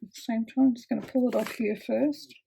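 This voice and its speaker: A woman's voice: a little high, fairly quick, vocal fry, warm tone, slight background noise. A woman chatting casually with lots of fillers while she demonstrates a craft project with her hands. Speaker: craft tutorial host.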